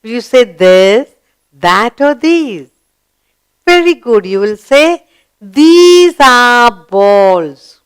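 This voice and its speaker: A woman leads a children's grammar lesson at an unhurried pace. Her voice is smooth and clear and sits a little high, and her pitch rises and falls in a lively, sing-song way. She keeps quizzing the child and praising each reply. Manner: slow, encouraging, asks the child questions and praises answers. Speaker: teacher.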